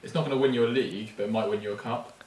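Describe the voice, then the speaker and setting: A man's voice: lowish voice, fairly even intonation, racing, a little mellow. Distant English man in a roomy space. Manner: hesitant, restarts, builds arguments. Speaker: podcast co-host. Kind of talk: casual chat. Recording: roomy, distant from mic, faint noise.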